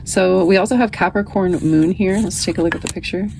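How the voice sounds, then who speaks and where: A woman's voice: mid-range voice, brisk, creaky, background noise. A woman in her thirties giving a casual, chatty tarot reading, often reading card text aloud.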